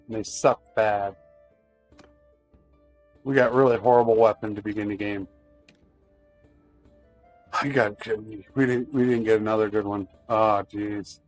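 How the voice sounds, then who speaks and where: A man's voice: lowish voice, steady tone, normal speed, long pauses, soft background music. A man streaming a video game live, chatting casually to his viewers while he plays. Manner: chatty, talks to chat while playing.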